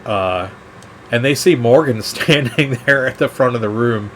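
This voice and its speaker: A man's voice: medium pitch, unhurried, fairly bright tone, slight background noise. A man narrating as game master of a tabletop game, rambling with many fillers.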